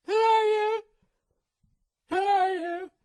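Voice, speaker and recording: A man doing a shrill crying girlfriend. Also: little pitch movement, a little fast, no echo, clean studio sound. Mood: tearful outrage. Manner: high falsetto, tearful and indignant. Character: upset young girlfriend, hurt and shrill.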